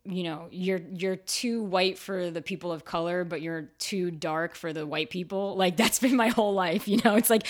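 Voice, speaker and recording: A young adult woman, an actor and writer, talking casually as an interview guest, animated and full of "like" and "you know". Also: fairly low pitch, normal speed. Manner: animated storytelling, many fillers like "like" and "you know".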